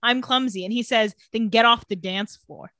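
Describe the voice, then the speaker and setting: A young adult woman co-hosting a casual chat, recapping a show and acting out characters' lines in quick little voices. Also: fairly high pitch, pushed and bright, dry recording. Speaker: podcast co-host recapping a TV episode.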